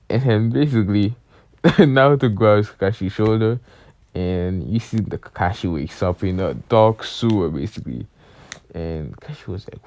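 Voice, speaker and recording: Young guy rambling thru a story, low mellow voice, bouncy pitch. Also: lively intonation, normal speed, no echo. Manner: rambling, leans on "basically" and "was like". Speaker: channel host. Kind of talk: casual storytelling.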